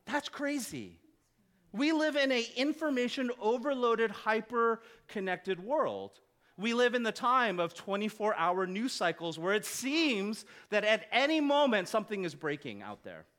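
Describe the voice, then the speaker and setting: A man's voice: high-pitched, big pitch swings, a little slow, fairly bright tone. Male pastor, conversational sermon. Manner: conversational, asks the congregation questions, light humor. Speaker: lead pastor. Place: church hall with congregation.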